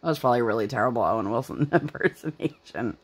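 A woman's voice: extremely low pitch, animated, fast talker, breathy edge. Chatty young woman crafting at home. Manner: chatty and rambling, many "like" fillers. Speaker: craft channel host. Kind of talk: casual chat while crafting.

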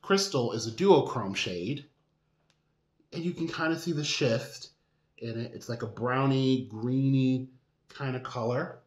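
Man, beauty vlogger, casual review chat, gushing and expressive, mid pitch, echoey room. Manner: expressive, gushing, drawn-out exclamations. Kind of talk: casual makeup review vlog.

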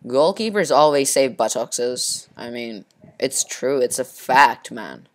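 A young man commentating his own football video game match, excitable and self-deprecating, rambling to his subscribers. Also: medium pitch, takes it slowly, no room sound. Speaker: gaming video creator.

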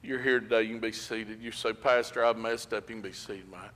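Folksy pastor in a reverberant church. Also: male voice, on the low side, steady tone, fairly quick, a bit bright. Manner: folksy storytelling, rising to emphatic preaching. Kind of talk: sermon. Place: church sanctuary.

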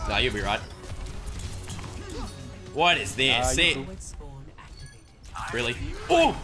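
A young man giving joking, excitable gameplay commentary with sudden shouts. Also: mid-range voice, unhurried, long pauses. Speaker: gaming streamer. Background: background music.

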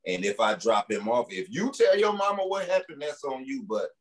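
A man's voice: medium pitch, sing-song, normal speed. A man, a parent in his thirties, chatting in a laid-back, conversational way. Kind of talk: casual chat.

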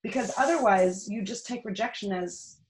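A middle-aged woman with a Canadian accent talks through her thoughts in an earnest, reflective way and often restarts her sentences. Her voice has a medium pitch for a woman. The sound carries a noticeable room echo. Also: moderate pace. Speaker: podcast guest. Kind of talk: casual interview conversation.

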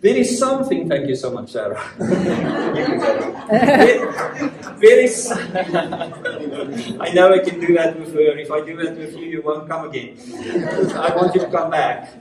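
A man's voice: fairly high pitch, a little slow, long pauses, a loud crowd. African man teaching, echoey and distant. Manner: lively and joking, full of rhetorical questions. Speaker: Bible study teacher. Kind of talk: teaching a church Bible study. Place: church meeting room. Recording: echoey room, voice from far off.

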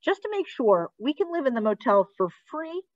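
A woman voicing a hopeful, hesitant immigrant mother in a read-aloud, in a halting voice pitched above her narration, on a dry, dull recording. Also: big pitch swings, dry recording.

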